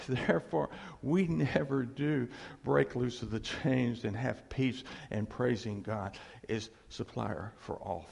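A man preaching a sermon as a pastor, animated and laughing often, dropping to a hush on key phrases. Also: medium pitch, creaky, slightly rough. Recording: long hall reverb.

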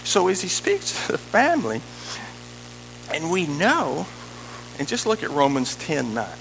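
A man preaching a sermon in an animated, emphatic way, with conversational asides to his congregation. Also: fairly high pitch, a little slow, creaky, noisy background.

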